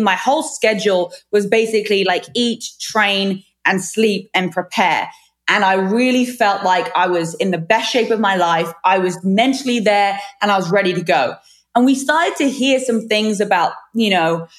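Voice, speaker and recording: A woman in her thirties, a fitness trainer and author, telling her story frankly in a casual interview, swearing now and then. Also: mid-range voice. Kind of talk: candid conversational storytelling.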